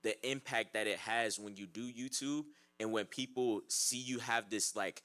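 A man co-hosting a podcast in relaxed, affirming conversation. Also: on the low side, moderate pace. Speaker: podcast co-host. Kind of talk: casual podcast chat.

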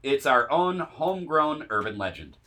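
A man's voice: medium pitch, very animated, moderate pace, bright, forceful tone. A man co-hosting a podcast in casual chat, laid-back and joking, sometimes reading from an article. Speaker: podcast co-host.

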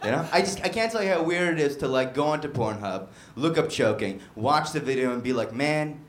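A young man doing a stand-up set in a comedy bar, mostly flat and dry, with sudden loud mock shouts, on a handheld stage mic. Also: medium pitch, a little fast. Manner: dark deadpan humor with bursts of loud mock shouting. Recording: echoey bar room.

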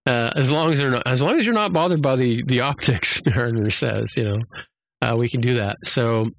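A man's voice: medium pitch, a little fast, creaky, dry recording. A man hosting a podcast, casually recapping an episode with many fillers and restarts. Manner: rambling, many fillers and restarts, acts out quotes.

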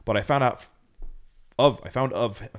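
A man's voice: mid-range voice, normal speed. A man co-hosting a podcast in a casual, joking, rambling chat. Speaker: podcast co-host.

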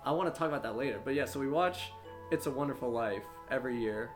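Young dude cohosting a podcast, laid back, swears a lot, guitar playing behind. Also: male voice, mid-range voice, fast talker. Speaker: podcast co-host. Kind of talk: casual chat. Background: guitar music.

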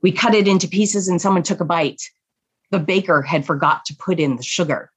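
A woman telling a family story in an unhurried, reflective way. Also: fairly low pitch, husky. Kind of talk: personal story told to an audience.

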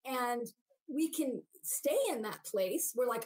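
Woman interview guest, higher pitch, animated storyteller type. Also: normal speed, poor audio. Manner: animated, acts out everyday voices while explaining. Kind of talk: podcast interview.

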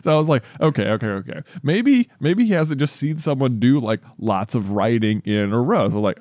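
A man rambles through a story in casual conversation, his pitch moving freely up and down. He leans on filler words and laughs as he reads aloud. The sound is dry and close. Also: animated, normal speed, hardly any pauses, a little mellow, dry recording. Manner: rambling, many likes, laughs while reading aloud.

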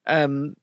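Blunt male host, lo-fi sound. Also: dry recording. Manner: blunt, opinionated. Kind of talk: casual chat.

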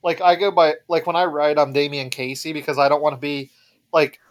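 A man's voice: on the high side, little pitch movement, a little fast. Teasing man co-host. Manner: joking, teasing. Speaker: podcast co-host. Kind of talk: casual chat.

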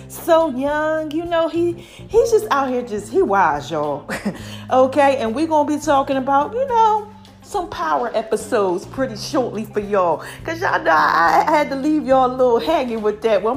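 A woman in her forties hosting her own podcast, talking casually and animatedly, giving shout-outs to listeners. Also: sits high, moderate pace, soft background music. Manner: animated, chatty, calls listeners "y'all" and "baby". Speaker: podcast host. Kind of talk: casual monologue.

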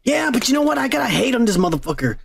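A man's voice: extremely high pitch, big pitch swings, very fast, creaky, husky. A man co-hosting a podcast, chatting casually over beers, profane and loose, often laughing. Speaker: podcast co-host.

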